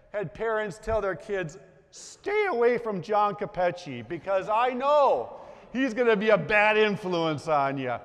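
A man preaching a sermon as pastor to his congregation, conversational and inviting them to repeat lines after him. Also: high voice. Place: church sanctuary. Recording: long reverb of a church hall.

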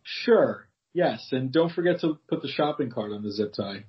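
A man's voice: medium pitch, animated, moderate pace. Sarcastic man in casual banter. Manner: sarcastic, teasing, frequent laughter. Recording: slightly dull lo-fi audio.

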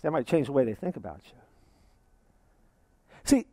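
A man preaching a sermon as pastor, lively, acting out what his listeners might say. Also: mid-range voice, normal speed, husky, dry recording. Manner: lively preaching, acts out imagined congregants.

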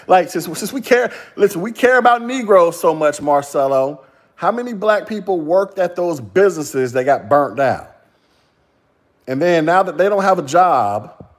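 A man's voice: medium pitch, a little mellow. Brief: male podcast host, solo rant, sarcastic and profane, laughs at his own jabs. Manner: mocking, laughing, profane, rhetorical questions.

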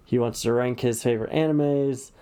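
A man's voice: mid-range voice, steady tone, normal speed, warm tone, smooth. A young man co-hosting a podcast from bed at home while recovering from surgery, bantering and joking casually. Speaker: podcast co-host. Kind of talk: casual chat. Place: his own house.

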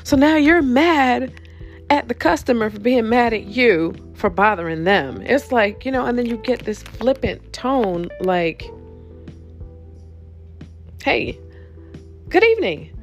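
A woman's voice: on the high side, animated, unhurried, soft background music. A woman hosting a podcast, telling a profane comic rant about bad jobs, laughing often as she talks. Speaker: podcast host. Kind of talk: comedic storytelling rant.

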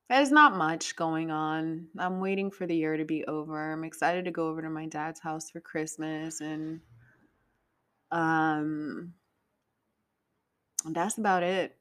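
A woman's voice: deep voice, pushed and bright. A woman hosting a podcast, chatting casually in a rambling way, swearing freely and laughing often. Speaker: podcast host. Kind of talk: casual chat.

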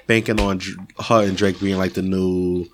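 Hoarse man with a lowish voice. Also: level tone, a little hiss or hum. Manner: blunt, crude, halting restarts. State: losing his voice, coughing. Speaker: podcast host. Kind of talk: casual podcast chat.

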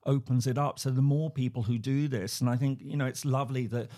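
A man's voice: medium pitch, steady tone, warm tone. Chatty English man, guest on a podcast. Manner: halting, many restarts, laughs often. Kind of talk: casual interview talk. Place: at home, remote.

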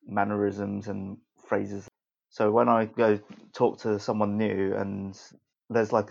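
Male podcast host, creaky gravelly voice, reflective; dull muffled recording. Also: fairly low pitch. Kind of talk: casual conversation. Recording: dull lo-fi sound.

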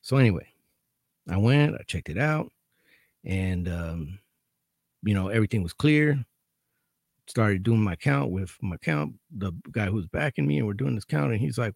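A man's voice: low voice, moderate pace, gravelly, a little mellow, dry recording, studio quality. A man telling a story about his work as a corrections officer in a casual, profane, dryly amused way.

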